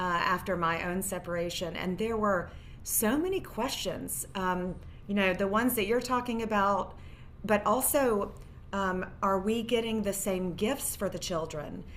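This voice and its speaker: A woman's voice: medium pitch, fairly bright tone, a little hiss or hum. A woman in her forties, a divorce lawyer guest, telling her story earnestly with many fillers. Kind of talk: interview storytelling.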